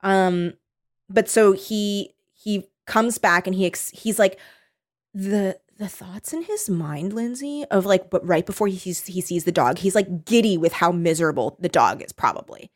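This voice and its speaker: Woman co-host, mid-pitched, casual and rambling book recap. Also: unhurried. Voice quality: loose and rambling, with many "like"s. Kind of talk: casual chat about a book.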